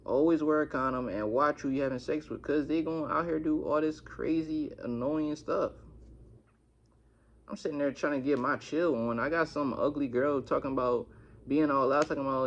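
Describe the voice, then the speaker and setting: Young man, storytime vlog, slangy, cursing, a bit high, lo-fi dull recording. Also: normal speed, a little hiss or hum. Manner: animated, slangy retelling with lots of cursing. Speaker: vlogger.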